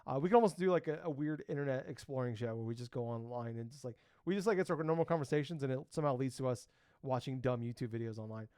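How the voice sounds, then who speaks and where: A man's voice: mid-range voice, fast talker, darkish tone, smooth, dry recording, studio quality. A man in his thirties co-hosting a casual gaming podcast, rambling with lots of fillers and the odd swear word. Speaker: podcast co-host. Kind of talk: casual chat.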